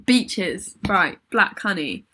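Husky-voiced woman chatting about music. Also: fairly low pitch, sing-song, takes it slowly, bright, forceful tone. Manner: rambling, self-interrupting, laughs often. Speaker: podcast co-host. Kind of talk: casual chat about music.

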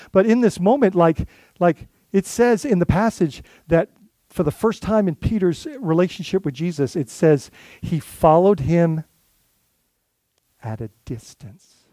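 High-voiced male pastor preaching conversationally. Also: mellow, no echo. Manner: conversational preaching with frequent restarts and rhetorical questions. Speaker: lead pastor. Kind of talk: sermon.

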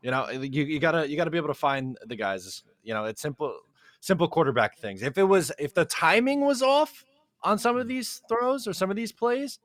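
A man co-hosting a casual sports talk show, giving matter-of-fact analysis and trailing off quietly. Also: a little high, lively intonation, fairly quick, no room sound. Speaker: podcast co-host.

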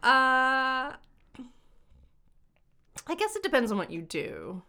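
A woman's voice: sits high, sing-song, slow, bright, forceful tone. A young adult woman co-hosting a podcast, chatting casually and hedging a lot with "like" and "um". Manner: rambling, hedging with lots of "like" and "um". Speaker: podcast co-host. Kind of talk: casual chat.

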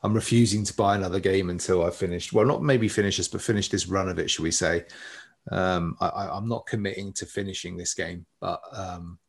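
A man chatting on a gaming podcast, wry and self-mocking, with plenty of swearing. His voice sits low and has a gravelly fry. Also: fairly even intonation, brisk. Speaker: podcast co-host. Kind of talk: casual chat.

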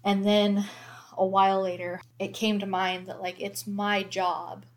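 A woman in her thirties, mother of four, speaks at an unhurried pace with a medium pitch and level tone. In a casual conversation about faith she talks candidly and reflectively, using many fillers.

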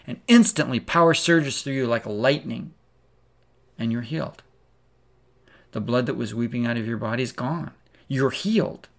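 Gravelly man preaching a dramatic sermon. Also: medium pitch. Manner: dramatic second-person storytelling.

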